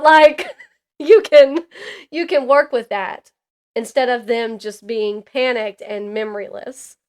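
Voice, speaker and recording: Animated ranting woman podcaster. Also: on the high side. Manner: animated, laughs often, ranting. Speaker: podcast co-host. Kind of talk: casual book chat.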